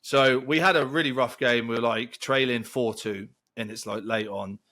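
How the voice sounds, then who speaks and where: A man chatting on a podcast, spinning a rambling, animated yarn. His voice sits in an ordinary middle pitch. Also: moderate pace. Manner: rambling, animated storyteller with laughs. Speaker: podcast co-host. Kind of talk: casual storytelling chat.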